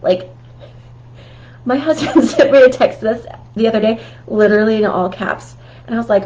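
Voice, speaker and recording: High-voiced chatty woman. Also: expressive, normal speed, low-quality recording. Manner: chatty, laughs often, keeps asking "right?". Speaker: host. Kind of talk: casual talk giving communication tips.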